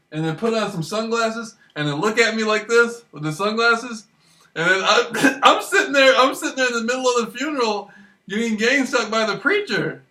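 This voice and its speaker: A man's voice: very high voice, bright, forceful tone. A man telling rambling, profane stories in a casual monologue, often laughing as he talks. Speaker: vlogger. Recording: echoey room, voice far from mic.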